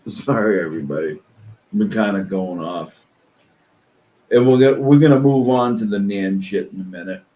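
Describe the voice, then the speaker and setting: A man streaming reaction commentary, ranting angrily and swearing. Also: low-quality recording. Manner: slow-paced, with lively pitch swings. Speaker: streamer reacting to online posts.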